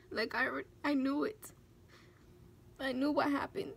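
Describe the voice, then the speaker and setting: A woman's voice: high-pitched, fairly even intonation, measured pace, gravelly, slight background noise. A young woman vlogging about a hard personal experience, tearful and fighting back crying as she talks. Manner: tearful, breaking down while telling a story. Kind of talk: emotional personal vlog.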